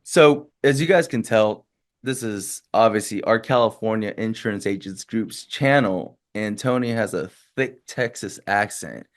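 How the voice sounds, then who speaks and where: A man's voice: on the low side, unhurried. A man hosting a casual podcast, speaking in a friendly, rambling way with frequent restarts. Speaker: podcast host.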